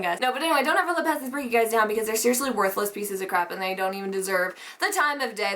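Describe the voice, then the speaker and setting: A woman's voice: mid-range voice, fairly bright tone. A young woman vlogger telling a story in a casual, profane rant, laughing often.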